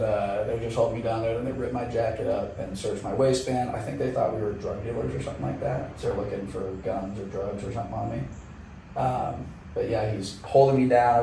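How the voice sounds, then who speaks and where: A man's voice: medium pitch, creaky, recorded from a distance, slight background noise. Man telling a wild story, echoey room. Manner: animated, swearing, laughs often. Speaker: guest motorcycle rider. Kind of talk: casual storytelling.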